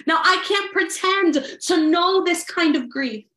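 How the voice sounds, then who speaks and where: A woman with a high voice delivers a sermon, earnest in tone. She builds emphasis by repeating phrases one after another. The room around her is echoey. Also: animated, measured pace, bright, forceful tone. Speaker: preacher. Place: livestreamed service.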